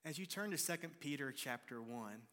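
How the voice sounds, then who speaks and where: A man's voice: a little high, expressive, moderate pace, pushed and bright. A man preaching a sermon as pastor, folksy and playful with his congregation, speaking with a twang. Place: church sanctuary. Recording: long hall reverb.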